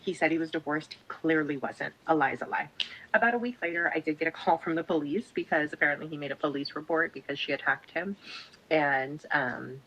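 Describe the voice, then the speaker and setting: Low-voiced woman retelling an indignant story. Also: fairly quick, a bit bright, low-quality recording. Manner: matter-of-fact, indignant retelling. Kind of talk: personal storytelling.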